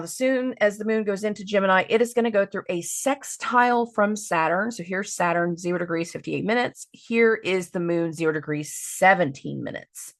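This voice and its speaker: A woman giving a weekly astrology forecast in a chatty, lively way, acting out people's imagined reactions in animated quoted voices. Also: medium pitch.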